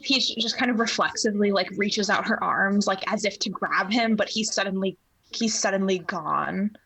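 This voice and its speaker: Bright, gravelly woman player. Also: mid-range voice, normal speed, rough recording. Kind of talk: tabletop game play.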